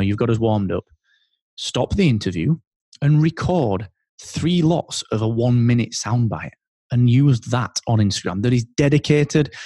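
A man talking as a guest on an interview podcast, animated and thinking aloud with restarts. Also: medium pitch, dry recording, studio quality. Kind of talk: casual interview chat.

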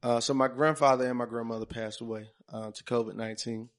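A man's voice: mid-range voice, steady tone, quick pace. A young man hosting a podcast, telling stories in loose, slangy casual chat. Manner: loose, storytelling, heavy slang. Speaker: podcast host.

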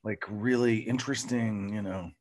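A man's voice: fairly low pitch, fairly even intonation, moderate pace, darkish tone. A middle-aged man co-hosting a podcast in casual, playful chat. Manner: playful, reads a limerick in a put-on lilt. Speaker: podcast co-host.

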